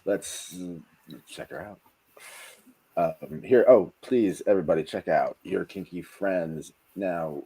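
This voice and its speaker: A man hosting a casual podcast chat, animated and jumping between loud bursts and low mumbles. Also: husky, rough recording. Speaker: podcast host.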